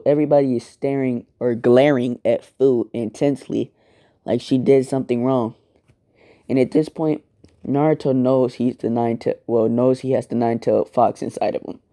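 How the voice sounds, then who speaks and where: A man's voice: medium pitch, steady tone, moderate pace, mellow. A man casually narrating a fan-made story, crude and rambling, correcting himself as he goes.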